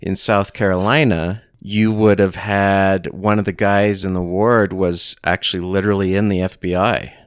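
Male host, low and smooth, asks probing questions. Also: little pitch movement, normal speed, few pauses, no echo, studio quality. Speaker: interview host. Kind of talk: conversational interview.

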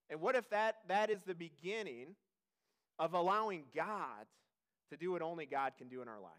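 High-voiced man preaching conversationally. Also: fairly bright tone. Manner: conversational, self-deprecating storytelling with asides to the congregation. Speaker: pastor. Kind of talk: sermon. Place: church service.

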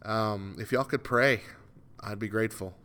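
A man's voice: on the low side, measured pace, bright, forceful tone, clean tone. A man hosting a solo morning radio show, ranting in an exasperated, self-mocking way, with a dry throat. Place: radio studio.

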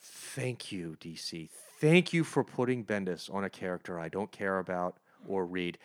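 A man co-hosting a comic book review podcast, ranting with animated, sarcastic energy. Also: deep voice, moderate pace. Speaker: podcast co-host.

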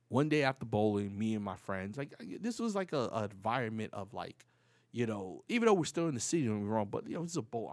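Gravelly New man telling stories. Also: mid-range voice, no room sound. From New York City. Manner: animated, profane street slang, acts out quoted dialogue. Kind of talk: casual storytelling.

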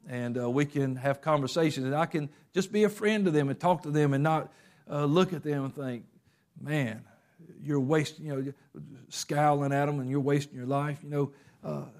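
A man preaching a sermon in a conversational way, acting out little quotes and often pausing with fillers. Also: fairly high pitch, darkish tone. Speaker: pastor.

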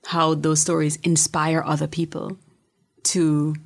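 A middle-aged woman telling a personal story in a casual, reflective way, often sinking into a soft whisper. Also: sits low, little pitch movement, measured pace, husky.

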